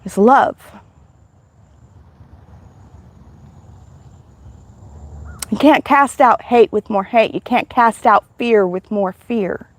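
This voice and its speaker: A woman voicing Jesus as a gentle, reassuring man within her spoken testimony, staying close to her own voice. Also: a little high, measured pace. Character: gentle calm male Jesus giving counsel.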